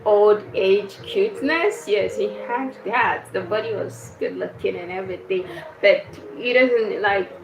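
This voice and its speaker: A woman's voice: mid-range voice, a little slow. A young woman chatting casually on a livestream, telling a story and laughing often. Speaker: livestream host. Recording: echoey room with clear background noise.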